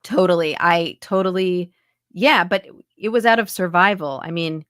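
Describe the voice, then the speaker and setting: A smooth, slightly bright voice on the low side, at normal speed, belongs to a chatty American accent coach in her forties from New York, guesting in a casual interview via video call. Light Texas coloring tints her New York accent, and she fills her talk with "like" while slipping into demonstration voices. Studio quality, no room sound.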